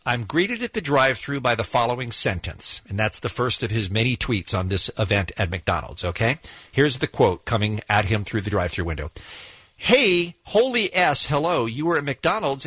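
A middle-aged man hosting radio, his voice bright and a little husky, swinging up and down in pitch as he tells a story. He reads with gusto and laughs along the way, in a dry studio sound. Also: dry recording. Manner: animated storyteller, laughs while reading. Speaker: radio show host. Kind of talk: morning radio chat, reading out a story.

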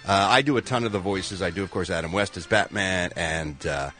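A man co-hosting a morning radio show, telling showbiz news with jokey, animated banter. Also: low voice, a little fast.

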